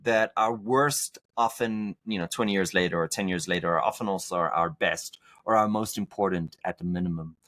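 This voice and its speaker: A man hosts the interview in a lowish voice, recorded close and dry. He is animated and laughs often, his pitch jumping upward when he stresses a point. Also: a little fast, hardly any pauses, no echo. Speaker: podcast host. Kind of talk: conversational interview.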